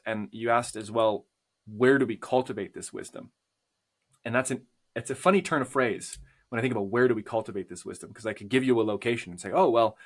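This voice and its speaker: A man, a podcast guest, speaking earnestly and contemplatively in long flowing phrases. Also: mid-range voice. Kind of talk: reflective conversational chat.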